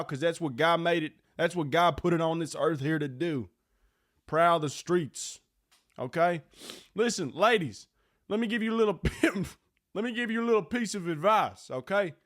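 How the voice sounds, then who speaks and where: A man playing a crude, perverted male Southern radio host with a put-on Southern drawl, preaching in drawn-out lines that keep ending in "okay?". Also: high voice, a bit bright, pitched above the performer's own voice.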